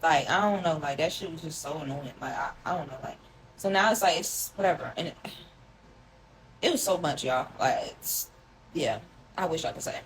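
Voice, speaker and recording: A young woman telling a long personal story to her viewers in a casual, rambling way, full of "like" and slang, often dropping into a hushed tone. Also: low-pitched, expressive, moderate pace, slight background noise, poor audio. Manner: rambling, heavy filler "like", emotional, addresses viewers as y'all. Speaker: storyteller recounting a relationship.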